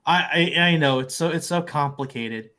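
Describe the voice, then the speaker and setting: A man's voice: on the high side, normal speed, pushed and bright. A man chatting casually on a stream, swearing now and then.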